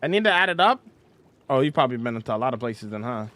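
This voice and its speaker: A man's voice: mid-range voice, sing-song, fast, bright, forceful tone. A man livestreaming a game, chatting casually with viewers and humming while he builds. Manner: chatty, answers chat, hums while building.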